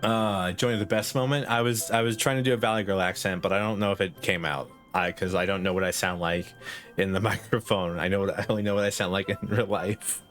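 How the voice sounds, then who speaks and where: A man's voice: deep voice, steady tone, a little fast, fairly bright tone, faint music behind. A man, casually rambling and laughing while streaming a game. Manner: giggly, rambling, self-deprecating.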